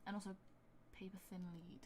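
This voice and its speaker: Over music playing in the background, a woman with a mid-range voice talks a little fast in a flat delivery, and the recording is very noisy. She's live streaming while making music, chatting casually, rambling with many fillers, and reading chat messages aloud.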